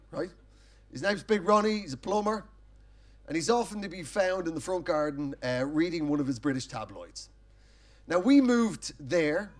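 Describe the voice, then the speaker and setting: An Irish man doing a live stand-up set on a festival stage, telling sweary, punchy stories full of tag questions. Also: high voice. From Ireland. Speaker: stand-up comedian.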